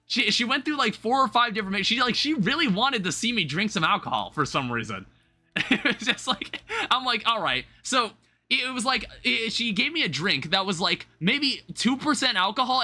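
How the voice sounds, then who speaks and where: A young man streams live from home, rambling casually to viewers and swearing offhandedly along the way. His voice is high, with a pushed, bright quality.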